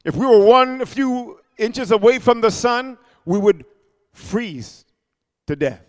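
A man preaching a sermon, animated, with constant call-and-response amens and hallelujahs. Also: extremely high pitch, slow pace. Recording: echoey hall.

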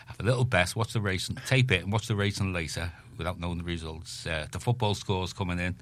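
A man co-hosting a community radio chat in a relaxed, agreeable way. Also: low voice, quick pace.

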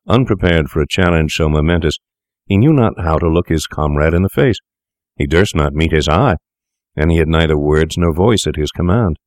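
A man reads a story aloud in measured, deliberate narration. His voice is very low and deep, and the recording is dry and close with no room around it. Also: no echo. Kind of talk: scripted narration.

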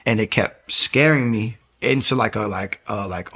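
A man's voice: lowish voice, unhurried, creaky, bright, forceful tone, slightly rough. A man giving a personal faith testimony, telling his story with animation and acting out the people he quotes.

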